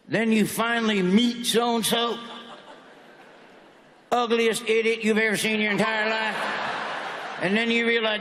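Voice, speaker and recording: A man's voice: sits high, moderate pace, pushed and bright. A man with a Southern American accent doing a stand-up comedy set, delivering folksy punchlines in a drawl. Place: large hall on stage. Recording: stage mic in a big reverberant hall.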